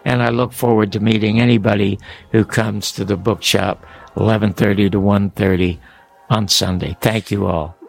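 An older man from Toronto, a lively guest telling stories on a radio talk show. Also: fairly low pitch, normal speed, vocal fry. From Toronto, Canada. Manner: lively, animated storyteller with restarts. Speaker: guest storyteller. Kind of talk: radio interview storytelling.

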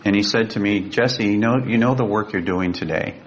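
An older man from California, a guest telling a personal story in an earnest, emotional way and slowing down for quoted speech. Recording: dull lo-fi sound with faint rumble.

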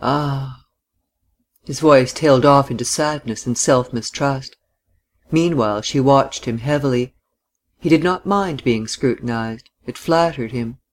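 A narrator reading a novel aloud in a measured, even way. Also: medium pitch.

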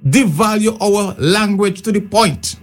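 A man's voice: high voice, a little slow. A man, a guest on a panel discussion, arguing his point insistently. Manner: insistent, argumentative.

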